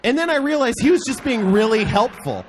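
A young man, audibly drunk, rambles through an excitable story on a live stage. His voice sits high and swings widely in pitch, and a faint hiss lies underneath. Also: a little fast. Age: young adult. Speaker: show regular. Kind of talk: live podcast anecdote telling. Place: live stage before an audience.

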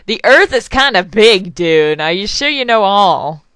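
A woman's voice: mid-range voice, lively intonation, a little slow, fairly bright tone, clear, resonant tone, no room sound. A young woman rambling and swearing through casual let's play commentary as a game channel host, apologizing often.

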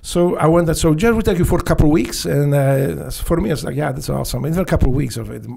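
Middle-aged Polish ex-soldier guest with an accent, gravelly voice, animated storyteller who swears. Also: male voice, fairly high pitch, fast. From Poland. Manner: animated, swears freely, acts out dialogue, laughs often. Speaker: podcast guest, former Navy SEAL. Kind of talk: storytelling in a casual interview.

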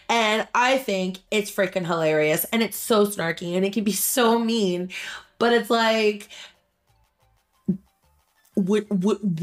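Snappy, blunt woman host ranting. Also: mid-range voice. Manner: snappy, blunt, swears freely. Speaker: reaction channel host. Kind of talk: casual commentary reading online stories.

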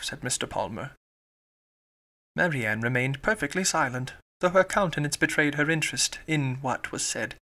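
A man narrating a classic novel as an audiobook, reading in a measured, even way. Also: a little high.

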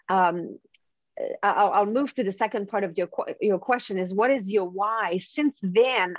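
Animated French Canadian woman storyteller. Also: medium pitch, no room sound, highs cut off. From Quebec, Canada. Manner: animated storytelling, laughs often, many restarts. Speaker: guest, confidence coach and speaker. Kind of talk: podcast interview conversation.

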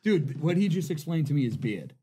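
A man on a podcast telling a long, profane story with lots of laughing and "right?" checks, his voice slightly husky. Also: a little high, very animated, fairly quick, mellow. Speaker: podcast co-host. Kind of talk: casual storytelling chat.

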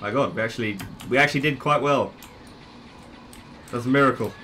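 A young man giving casual gameplay commentary, unhurried, swearing and laughing at his own plays. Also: medium pitch, pushed and bright, soft background music. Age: young adult. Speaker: gaming channel host.

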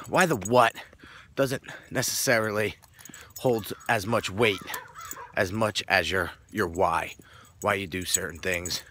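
A man's voice: fairly low pitch, sharp tone, slight background noise. A man casually telling a personal story to camera, earnest, often repeating words as he searches for them. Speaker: motivational vlogger.

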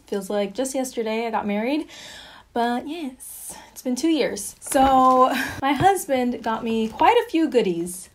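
A young woman chatting casually through a haul video, bubbly and full of fillers, a little out of breath. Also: on the high side. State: slightly out of breath. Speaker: vlogger.

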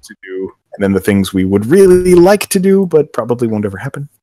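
A middle-aged man in casual chat, telling a story about his job with quick quoted voices. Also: mid-range voice. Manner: animated anecdote with acted quotes. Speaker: game company co-worker telling his hiring story.

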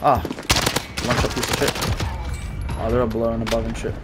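A man's voice: medium pitch, flat delivery, brisk, very noisy. Profane, frustrated gamer man. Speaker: gaming video creator. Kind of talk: gameplay commentary. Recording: gunfire from the game behind him. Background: game gunfire.

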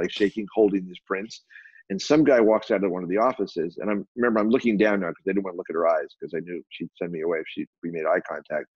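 Man, interview guest, animated storyteller, husky, dry close sound, dull lo-fi recording. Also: low-pitched, no room sound. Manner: animated, acts out quoted dialogue, frequent restarts. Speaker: photographer and publisher, guest.

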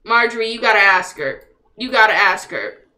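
A woman's voice: medium pitch, expressive, normal speed, bright, forceful tone. A young woman giving casual, profane live commentary on a life-sim game and talking back at the characters. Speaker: livestreamer.

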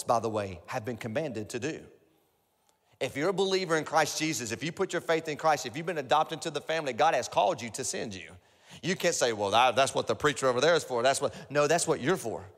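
A male pastor preaching a sermon, energetic and repetitive, building up to shouts. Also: medium pitch. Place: large church auditorium. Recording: echoey large hall.

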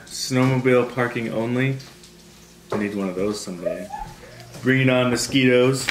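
A man's voice: medium pitch, moderate pace, over music. A man chatting casually in a family vlog, rambling and restarting his sentences as he explains things. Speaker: vlogger, father. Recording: echoey with clear background noise.

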